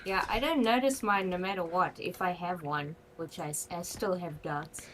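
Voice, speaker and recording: A woman's voice: lowish voice, normal speed, a bit bright. A woman chatting playfully with friends on a game stream, joking around. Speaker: co-player. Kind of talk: casual gaming chat.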